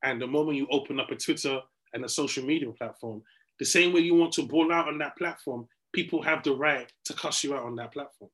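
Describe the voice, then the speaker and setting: Bright-voiced man arguing sports. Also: mid-range voice, brisk, poor audio. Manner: animated, argumentative, sings chants and laughs. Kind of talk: heated sports debate.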